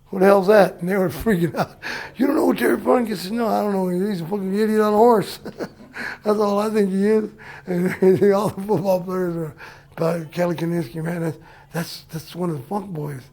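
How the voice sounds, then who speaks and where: Ex-footballer, blunt profane interview anecdote, high pitched. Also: male voice, fairly even intonation, normal speed, mellow. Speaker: former football player.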